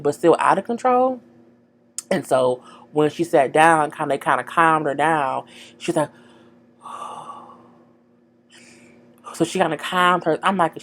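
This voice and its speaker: A woman giving a chatty, frank recap of a TV episode, full of "girl" and "you know". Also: deep voice. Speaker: TV show recapper.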